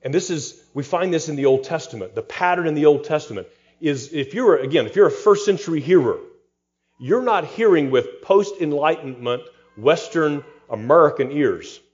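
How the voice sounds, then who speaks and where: A man's voice: on the high side, lively intonation, moderate pace, a little mellow, dull audio. A man, a pastor, preaching an expository sermon with rhetorical questions and dry humor.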